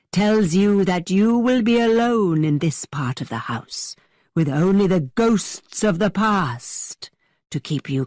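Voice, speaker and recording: A woman voicing a teasing young man who tells spooky tales in a dramatically low voice. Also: dry recording, studio quality. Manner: dramatically low, hushed storytelling.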